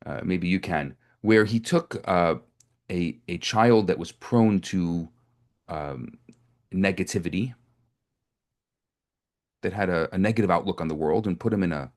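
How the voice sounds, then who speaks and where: A man's voice: low-pitched, measured pace, pauses often, darkish tone. A man giving a sermon as a rabbi, telling stories in a loose conversational way, often restarting and repeating himself. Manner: conversational, with frequent restarts and repetitions. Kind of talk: storytelling sermon to a live group.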